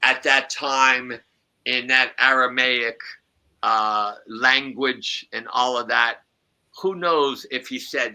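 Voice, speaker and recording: Male podcast host, rambling casual chat, unhurried delivery, very bright tone. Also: mid-range voice, fairly even intonation. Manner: rambling, chuckling asides. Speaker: podcast host and psychic medium.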